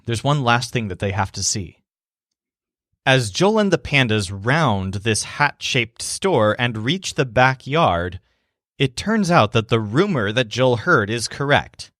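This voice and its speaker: A man teaching a language through a scripted story, calm and clear, pronouncing Spanish words carefully. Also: mid-range voice, takes it slowly, no room sound, studio quality.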